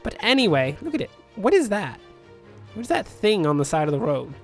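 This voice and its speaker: A man's voice: high-pitched, very animated, a little fast, faint music behind. A man commentating a city-building game in a rambling, jokey storytelling manner. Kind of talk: let's play commentary.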